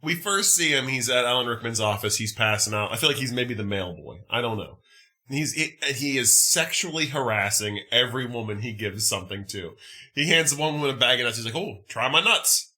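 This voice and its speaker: A man in a loose podcast conversation, his voice bright and forward. He rants about a movie with animated, profane exasperation, jumping between laughing disbelief and mock outrage. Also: mid-range voice, a little fast. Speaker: podcast host. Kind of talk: casual movie chat.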